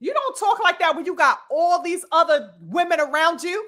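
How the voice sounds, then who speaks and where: A woman's voice: very high-pitched, expressive, moderate pace, a bit bright. A woman hosting a boxing commentary vlog, ranting in a preachy, mocking way, full of blunt, profane rhetorical questions and calls to her brothers and sisters. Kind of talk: opinionated commentary rant.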